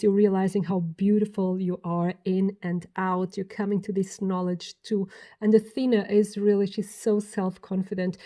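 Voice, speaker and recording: A woman giving a pick-a-card tarot reading, speaking warmly and directly to the viewer. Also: mid-range voice. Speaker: tarot reader.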